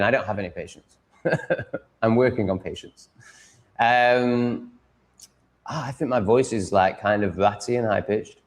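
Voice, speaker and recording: Crude, mocking man streaming live. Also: on the low side. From Sheffield, England. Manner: crude, mocking, swears freely. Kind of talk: rambling live-stream chat.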